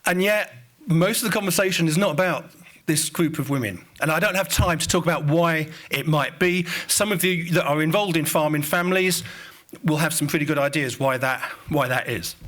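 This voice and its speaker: A man's voice: fairly high pitch, a bit bright. A man with an Estuary English accent giving an informal conference presentation on research, speaking directly to the audience.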